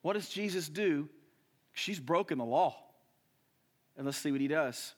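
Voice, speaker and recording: A young adult man preaching to his congregation, his fairly high voice climbing into forceful emphatic bursts. Then he drops to a hushed, low, earnest tone to press his point home. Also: lively intonation, unhurried. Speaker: pastor. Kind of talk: sermon.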